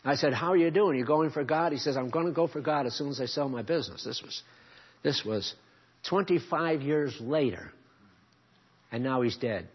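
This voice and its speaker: A man preaching a sermon as pastor, shifting between quiet asides and loud, emphatic climbs. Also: mid-range voice, fast, slightly rough. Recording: dull lo-fi sermon recording.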